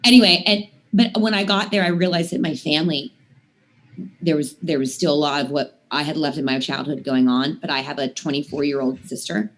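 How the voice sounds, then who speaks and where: With a low-pitched, brisk delivery, a woman in her thirties who sings chats casually as a talk-show guest. She rambles through long stories, dropping "like" and "I mean" again and again.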